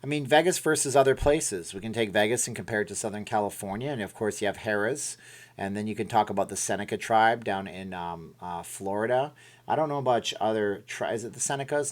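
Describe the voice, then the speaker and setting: A middle-aged Canadian man with a lowish voice talks fairly quickly while hosting a casual live stream. He reads and responds to chat in a rambling way, frequently correcting himself.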